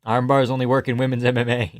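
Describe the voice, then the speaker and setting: A young man hosting a livestream, reacting to a fight with casual, profane commentary, yelling advice at the fighters and laughing often. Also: medium pitch, fast talker. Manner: excitable, profane, yells at fighters, frequent laughs. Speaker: livestream host.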